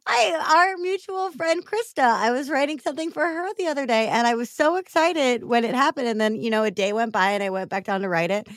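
A woman hosting a podcast, telling a story with a high, bright-pitched voice. She is animated and laughs often. The sound is close and dry, with no room around it. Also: a little fast, hardly any pauses, no room sound. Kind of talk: casual chat.

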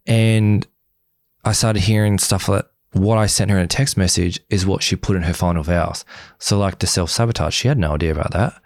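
A young man, a podcast guest, telling his story candidly and quickly, acting out the back-and-forth of past conversations. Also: sits low, no room sound. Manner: fast, animated retelling, acts out quoted exchanges. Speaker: podcast guest, former reality show groom.

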